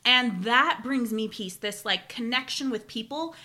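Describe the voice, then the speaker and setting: A young woman co-hosting a podcast, talking in a casual, chatty way. Her voice is bright and sits a little high. She tells her stories with bubbly, animated enthusiasm. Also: measured pace. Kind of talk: casual chat.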